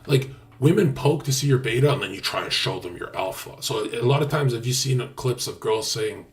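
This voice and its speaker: A man's voice: medium pitch, lively intonation, a little fast. A man talking casually on a livestream, brash, boastful and profane. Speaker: streamer.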